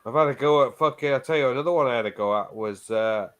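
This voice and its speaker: A man's voice: mid-range voice, quick pace, a bit bright. A man telling a rambling story in casual chat, swearing constantly and restarting his sentences.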